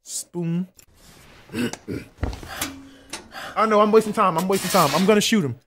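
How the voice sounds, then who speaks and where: A man's voice: sits high, measured pace, a bit bright, soft background music. A young man streaming a game live, commenting in an exasperated, profane way and repeating himself. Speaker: gaming streamer.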